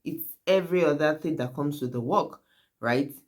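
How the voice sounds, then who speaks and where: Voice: mid-range voice, moderate pace. A YouTube host talking earnestly to viewers in casual commentary, often checking in with "right?" and "guys".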